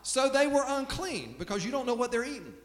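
A man preaching a sermon in a relaxed, storytelling way, often restarting his sentences, recorded in a church sanctuary. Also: very high-pitched, brisk. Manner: conversational storytelling, with frequent restarts. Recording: echoey hall with long reverb.

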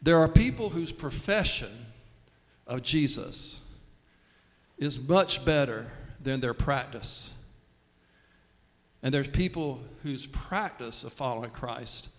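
A man's voice: medium pitch, lively intonation, takes it slowly, pauses often. A man preaching a casual, humorous sermon, acting out the voices of the people he quotes. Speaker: pastor. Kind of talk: conversational sermon. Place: church sanctuary. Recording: long reverb of a sanctuary.

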